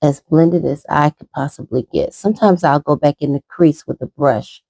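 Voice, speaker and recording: This casual makeup tutorial features a middle-aged woman vlogger who rambles chattily as she applies her makeup. Her voice sits low and warm at a moderate pace, with no echo.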